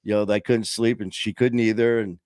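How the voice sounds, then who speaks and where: A man's voice: fairly low pitch, a little fast, no room sound, clean studio sound. A man co-hosting a livestream show, telling a story in casual chat and acting out quoted lines with a lifted voice. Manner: animated, acts out quotes in a raised voice.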